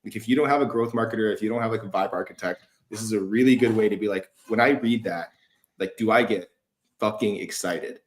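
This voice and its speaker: A man's voice: fairly low pitch, fast. A man hosting a casual feedback conversation, talking loosely with plenty of fillers and swearing. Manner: loose, profane, lots of fillers. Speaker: host giving feedback.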